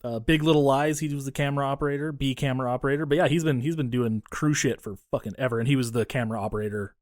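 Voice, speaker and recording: A man co-hosting a casual movie-review podcast, talking in an animated, profane way and acting out scenes in funny voices. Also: mid-range voice, rapid-fire, no room sound, studio quality. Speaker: podcast co-host.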